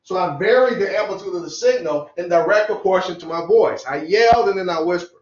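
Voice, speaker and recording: A man's voice: sits high, quick pace. A man teaching an electronics class, explaining things loosely and conversationally while he draws. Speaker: electronics instructor. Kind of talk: casual classroom lecture. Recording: roomy, dull lo-fi classroom sound.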